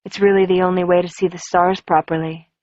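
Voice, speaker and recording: A woman voicing a mysterious, gentle teenage boy in an audiobook, speaking softly and low-key. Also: little pitch movement, brisk, dry recording, lo-fi sound, close to an everyday voice.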